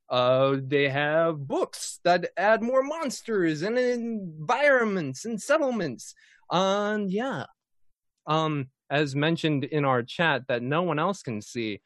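A man's voice: fairly high pitch, a bit bright, no echo, studio quality. A man hosting a tabletop game stream as dungeon master, reading sponsor announcements in a jokey, rambling way. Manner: jokey, punning, rambling with fillers.

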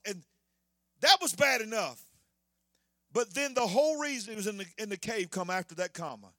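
A male preacher delivering a fervent sermon, shouting his points and calling out to the congregation. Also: sits high, lively intonation, normal speed, pauses often, no room sound, studio quality.

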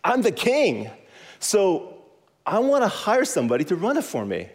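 Man doing a boastful God-king voice, high, excited, emphatic. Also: moderate pace. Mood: proud. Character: proud delighted male God as king.

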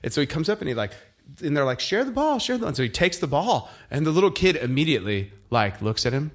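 A man telling funny stories about his young son in a casual chat, animated and laughing often. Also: mid-range voice, fast talker.

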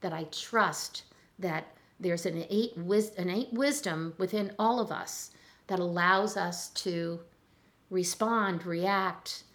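An older woman, a chiropractor, talking in a relaxed interview and telling stories with lively acted-out voices. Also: on the low side, slow pace. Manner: animated storyteller, acts out voices in anecdotes. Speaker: chiropractor guest. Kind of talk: conversational interview.

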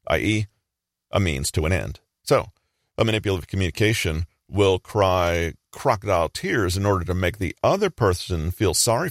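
Deep-voiced male narrator, lively delivery. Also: dry recording, clean studio sound. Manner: measured, explanatory delivery. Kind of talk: scripted narration.

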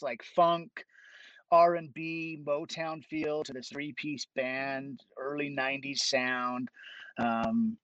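A man's voice: medium pitch, fairly bright tone, dry recording, muffled recording. A man guest in a casual interview, easygoing and laughing often, with hesitant fillers as he recalls things. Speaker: guest, musician and arts teacher.

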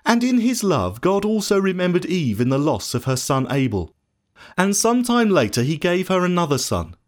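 A man narrates a scripted storybook in an earnest, expressive way. His voice sits on the higher side and swings widely in pitch. The reading is steady and heartfelt. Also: moderate pace.

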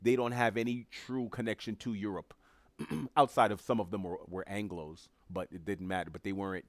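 A man's voice: lowish voice, normal speed, no echo. Emphatic sarcastic man in dry sound. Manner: emphatic, sarcastic, repeats phrases. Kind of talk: opinionated solo commentary.

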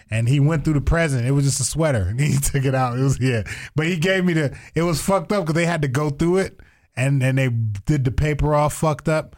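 A young man telling a story in casual chat, animated and profane, acting out other people's lines. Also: medium pitch, fairly quick. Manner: animated, profane, acts out voices in quotes. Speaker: storyteller guest.

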